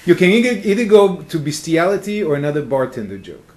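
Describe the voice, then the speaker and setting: A man's voice: fairly high pitch, very animated, a little fast, darkish tone. A man casually prompting jokes in an upbeat way. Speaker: joke prompter. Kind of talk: casual chat.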